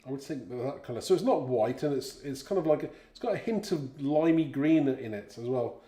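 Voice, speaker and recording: A man's voice: medium pitch, expressive, a little fast, dark tone, roomy sound. A man in his fifties from Britain, hosting a live craft stream in a casual, chatty way, reading viewers' comments aloud and laughing often. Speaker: craft livestream host.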